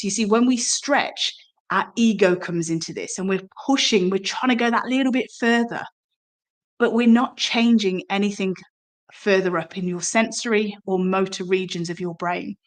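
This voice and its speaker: A woman teaches somatic movement in an explanatory, engaging way. She keeps pulling the listener in with questions like a friendly instructor. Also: mid-range voice.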